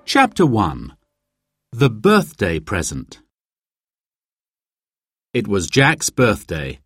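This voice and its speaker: A man reading a children's book aloud, slow and expressive. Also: fairly low pitch, husky. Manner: slow, expressive, storyteller's lilt. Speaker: narrator.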